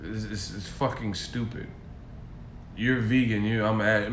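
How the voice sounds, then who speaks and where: A man's voice: on the low side, fairly even intonation, measured pace, a bit bright, a little hiss or hum. A man ranting on a stream in a profane, mocking way from a hotel room. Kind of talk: casual rant. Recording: echoey room.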